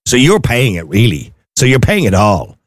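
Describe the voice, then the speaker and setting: A man's voice: on the low side, moderate pace, no room sound. An Irish man hosting a talk radio show, opinionated and telling stories in a chatty way into a studio mic. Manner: opinionated, storytelling, animated.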